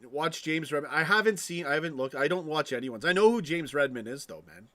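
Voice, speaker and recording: A man's voice: a little high, lively intonation, fairly quick, a bit bright. Man ranting on a live stream. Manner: ranting, profane, frequent restarts; chatty asides to viewers. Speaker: fan channel live streamer. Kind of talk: casual live stream rant.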